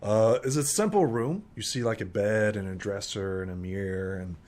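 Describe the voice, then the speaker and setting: A man's voice: lowish voice, normal speed, a little mellow. Rambling game master man. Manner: rambling, many fillers and restarts. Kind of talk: narrating a tabletop game.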